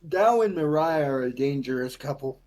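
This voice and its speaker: A man's voice: fairly high pitch, lively intonation, moderate pace, a little mellow. A man on a live stream making wry, joking quips in casual chat. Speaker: streamer co-host.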